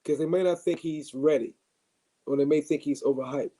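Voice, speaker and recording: A man's voice: fairly high pitch, steady tone, fairly quick, warm tone. A man hosting a live stream, chatting loosely about boxing, with many fillers and restarts.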